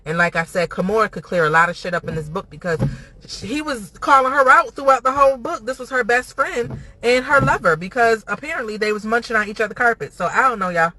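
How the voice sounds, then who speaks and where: A man's voice: sits high, quick pace, bright, forceful tone, poor audio. A man hosting a reaction video, giving blunt, profane, chatty commentary. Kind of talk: casual commentary.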